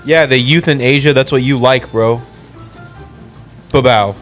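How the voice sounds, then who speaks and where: A man's voice: medium pitch, fairly even intonation, normal speed, a bit bright, faint music behind. A young man co-hosting a podcast, trading provocative, mocking jokes in casual banter. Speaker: podcast co-host.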